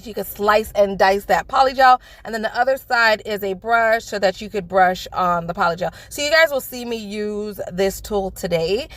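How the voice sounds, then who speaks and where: A woman from the Bronx, loudly and gushingly unboxing a nail kit in a sing-songy voice. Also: mid-range voice, normal speed, few pauses, dry recording. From the Bronx, New York. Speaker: nail beauty vlogger. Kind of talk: excited product unboxing.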